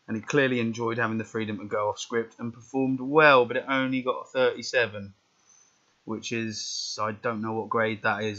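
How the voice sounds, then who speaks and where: Man, casual game commentary, muttered asides, bright voice, muffled lo-fi recording. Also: mid-range voice. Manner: rambling, muttered asides and self-corrections. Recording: dull lo-fi recording.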